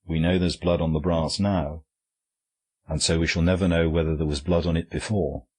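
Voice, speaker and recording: A man reading as a small, gentle priest detective who speaks quietly and gravely, each warning weighed and measured. The voice sits low with a faint husky grain, a storybook sleuth read aloud. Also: steady tone. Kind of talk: audiobook character reading.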